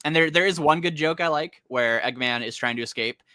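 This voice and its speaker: Bright-voiced man in animated chat. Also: a little high, fairly quick, no room sound, clean studio sound. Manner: animated, acts out quotes with laughs. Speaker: comic discussion co-host. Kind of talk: casual chat.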